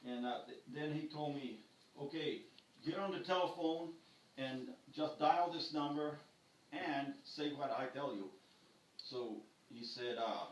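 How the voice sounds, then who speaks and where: A man's voice: medium pitch, slight background noise. Older man telling a story in an echoey room. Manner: animated storyteller acting out the scene. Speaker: karate teacher. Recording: echoey room picked up from a distance.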